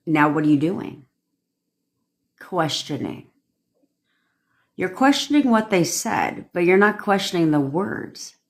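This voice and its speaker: Low-voiced woman ranting casually on a livestream. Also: expressive, takes it slowly, long pauses. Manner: blunt, profane and cocky, laughs at herself. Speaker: manifestation coach. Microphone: phone.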